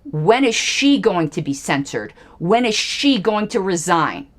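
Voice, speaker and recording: A woman's voice: lowish voice, sing-song, measured pace. A woman hosting a livestream, giving angry, emphatic political commentary with pointed repetitions. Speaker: livestream host.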